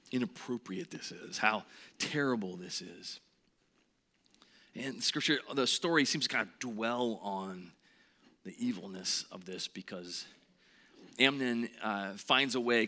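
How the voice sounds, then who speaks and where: A man preaching a sermon in an earnest way, dropping to a hushed voice on the heaviest points. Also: on the low side. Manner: earnest, drops to a hush on heavy points. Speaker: pastor.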